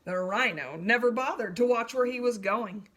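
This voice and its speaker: A woman reading a children's story aloud in an expressive, animated way. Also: fairly high pitch, moderate pace, slight background noise.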